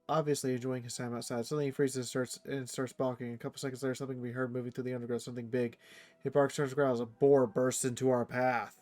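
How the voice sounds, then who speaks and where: Male streamer, mid-pitched, dry and close; reads the game text aloud, mutters, then blows up with loud cursing. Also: brisk, no echo. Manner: excitable, swings from muttered asides to loud outbursts; swears freely. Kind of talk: let's play commentary reading game text aloud.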